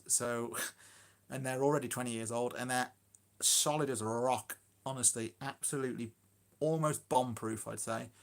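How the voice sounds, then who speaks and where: Man, casual live-stream chat, rambling, filler-heavy, phone mic, mid pitch. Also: creaky. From Shropshire, England. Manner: rambling, chatty, self-deprecating, full of fillers. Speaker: allotment gardener and live streamer.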